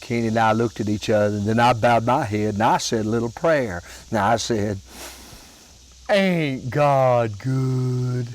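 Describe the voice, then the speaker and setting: A man telling comic family stories in a slow, folksy, drawn-out way. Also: lowish voice, rough recording. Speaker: storyteller comedian.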